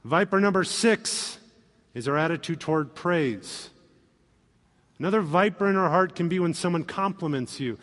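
A man preaching a sermon as pastor, animated and acting out quoted voices. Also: fairly high pitch, normal speed. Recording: long reverb of a hall.

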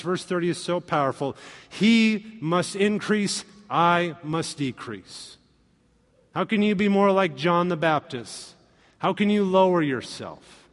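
High-voiced preacher in a reverberant hall. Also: male voice. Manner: animated, acts out quoted voices with humor. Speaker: pastor. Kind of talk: sermon.

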